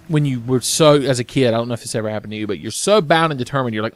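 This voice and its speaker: A man's voice: medium pitch, very fast, hardly any pauses. Male let's play host, sarcastic and foul-mouthed, rambling casual game commentary.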